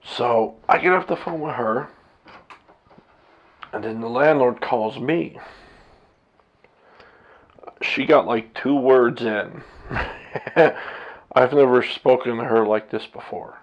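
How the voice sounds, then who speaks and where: Man, self-recorded vlogger; slow, blunt, profane rambling delivery; dull, muffled sound. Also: mid-range voice. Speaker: vlogger, husband and father. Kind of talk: candid monologue to camera. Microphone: camera set up by himself.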